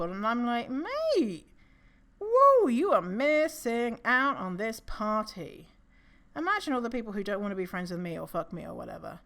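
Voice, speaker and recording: A woman hosting a casual solo podcast, chatty and animated, laughing often and swearing casually. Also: medium pitch. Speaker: podcast host.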